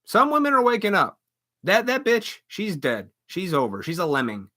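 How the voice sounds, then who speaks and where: A man's voice: high voice, huge pitch swings, moderate pace, pushed and bright. A man hosting a live stream, delivering an angry, profane rant full of mocking asides. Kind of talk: angry ranting monologue.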